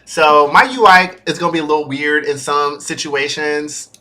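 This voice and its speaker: Bright-voiced chatty man streaming from home. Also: fairly high pitch, moderate pace. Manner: chatty and easily sidetracked, with fillers. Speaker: software developer streaming a build-in-public series. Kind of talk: casual livestream talk. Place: home streaming setup with a green screen.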